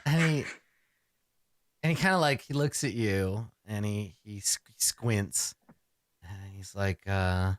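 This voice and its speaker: A man narrating a tabletop game as game master, telling the scene in a chatty, animated way. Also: lowish voice, slow pace, pauses often.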